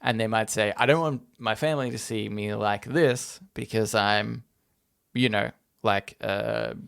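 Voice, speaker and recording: A man's voice: fairly low pitch, steady tone, unhurried, creaky, fairly bright tone, clean tone. A man in his twenties co-hosting a podcast, talking loosely with lots of fillers and laughing often. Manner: rambling, giggly, lots of fillers. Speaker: podcast co-host. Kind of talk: casual chat.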